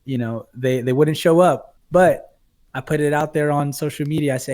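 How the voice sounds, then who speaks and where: A man's voice: on the high side, normal speed, darkish tone. A man who is a pastor and streamer, a guest on a casual podcast, explaining his views through an example story.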